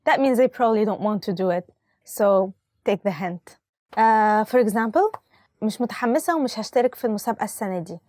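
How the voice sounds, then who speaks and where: A woman's voice: fairly high pitch, very fast, dark tone, no room sound, clean studio sound. An Egyptian woman with an Egyptian accent, teaching vocabulary to camera in a cheerful way and laughing often between examples. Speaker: language teacher.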